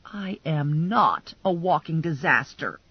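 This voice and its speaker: A woman's voice: big pitch swings, a little slow, husky, no room sound. A woman playing a frazzled, tearful young bounty hunter. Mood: indignant. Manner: emotional, shrill, self-mocking. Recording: dull lo-fi dry recording.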